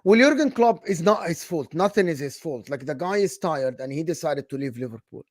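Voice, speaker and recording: Animated high-voiced Egyptian football host. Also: male voice, brisk, dry recording, studio quality. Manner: animated and sarcastic, with Arabic phrases mixed in. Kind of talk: casual football chat.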